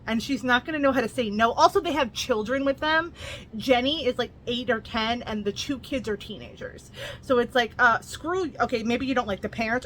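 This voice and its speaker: A woman reviewing books in a casual vlog. She speaks candidly, swears freely, and retells the plot in a lively way, slipping into quoted lines. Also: fairly high pitch, slight background noise. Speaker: book reviewer.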